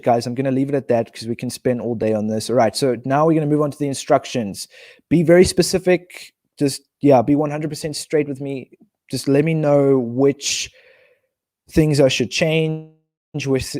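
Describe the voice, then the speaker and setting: A man from South Africa chatting casually on a live stream, thinking out loud and reading viewers' comments aloud. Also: medium pitch, moderate pace, no room sound, clean studio sound.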